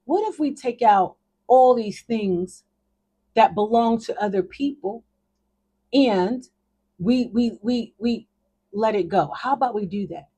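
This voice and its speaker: A woman voicing God in a parable, speaking softly and patiently to a tired man. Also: on the high side, slow pace, long pauses, breathy edge. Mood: gentle.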